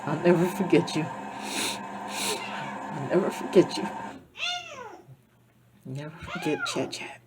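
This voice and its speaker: A woman vlogging a rambling, emotional personal monologue, tearful and repetitive, dropping from loud outbursts to near-whispers. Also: low-pitched, wildly swooping pitch, slow, long pauses, noisy background.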